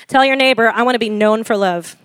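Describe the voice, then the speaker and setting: A woman preaching a sermon with a fairly high voice, recorded dry and close. She talks in a lively way, laughs between points and keeps checking in with the congregation with "okay?" and "amen?". She often asks them to repeat phrases after her. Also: brisk, no room sound.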